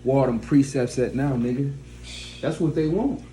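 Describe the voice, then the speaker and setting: A man's voice: mid-range voice, moderate pace, warm tone. Blunt, profane man preaching. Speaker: teacher of a study group. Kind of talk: preaching to a class. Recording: echoey room, faint background noise.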